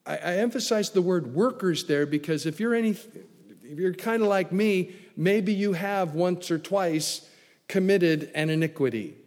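A man preaching a sermon emphatically, swinging from loud declarations to hushed lines. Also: high voice, a little slow. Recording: long hall reverb.

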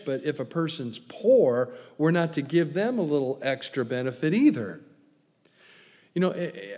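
A man's voice: on the high side, a little mellow. A man preaching a folksy sermon, telling stories and growing emphatic as he makes his points. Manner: folksy storytelling, grows emphatic. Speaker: pastor. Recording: long hall reverb.

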